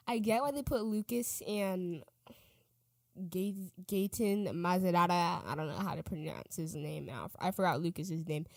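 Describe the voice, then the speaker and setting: A woman's voice: mid-range voice, darkish tone, no room sound. A teenage girl hosting a podcast, chatting casually and rambling, often correcting herself and trailing off. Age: teens. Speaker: podcast host.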